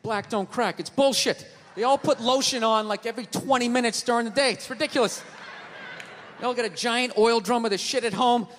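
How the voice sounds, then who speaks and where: A man in his forties doing a profane, ranting stand-up comedy routine on stage, with loud outbursts. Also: very high-pitched, fairly quick. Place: stage in a large venue. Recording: live show in a big hall.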